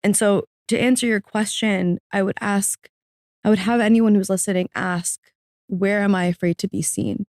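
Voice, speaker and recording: Her voice steady and a little mellow, a woman author speaks at normal speed as a podcast guest, recounting her personal story earnestly and reflectively. When she's moved to tears her voice goes high; the studio sound is clean and dry.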